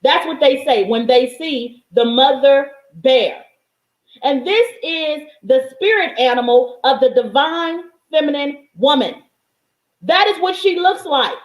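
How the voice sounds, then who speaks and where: A woman's voice: sits high, expressive, slow pace, reverberant, low-quality recording. A woman in her thirties giving a blunt, profane motivational talk, preaching with emphasis. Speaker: motivational speaker.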